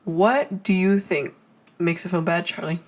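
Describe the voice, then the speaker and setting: A woman's voice: on the low side, a little slow. A young woman co-hosting a casual movie podcast, teasing and laughing often. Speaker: podcast co-host. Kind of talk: casual chat. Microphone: USB microphone.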